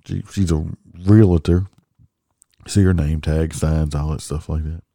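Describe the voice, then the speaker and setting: Low-voiced, profane cop ranting. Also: male voice, fairly even intonation, a little slow, mellow, no room sound, clean studio sound. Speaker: traffic police officer. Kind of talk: casual storytelling monologue.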